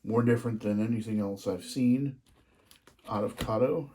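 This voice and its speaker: A man showing off his model trains in a casual vlog, gushing with excitement and dropping into hushed asides. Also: on the low side, moderate pace.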